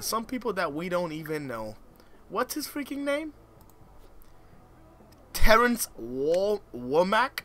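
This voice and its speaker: Young male gamer, joking and slangy commentary; lively, bright delivery. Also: high voice, a little slow, pauses often. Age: young adult. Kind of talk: let's play commentary.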